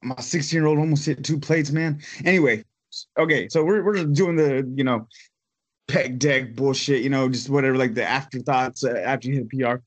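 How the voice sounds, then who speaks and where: A man's voice: mid-range voice, fairly quick. A man, telling a rambling, profane story in casual chat with lots of fillers. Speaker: podcast host.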